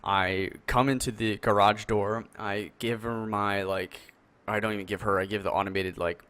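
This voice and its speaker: A man's voice: on the low side, normal speed, clean tone. A man on a podcast call, chatting casually and telling a story with lots of fillers and acted-out quotes. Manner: animated storyteller, acts out quotes, many fillers. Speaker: podcast co-host. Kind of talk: casual chat over a call. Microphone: headset or desk mic on a video call.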